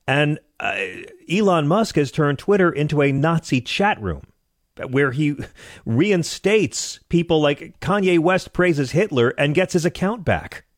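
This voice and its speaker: A man's voice: fairly high pitch, expressive, unhurried. Man, sarcastic, incredulous, political chat, dry sound with no room echo. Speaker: political commentator.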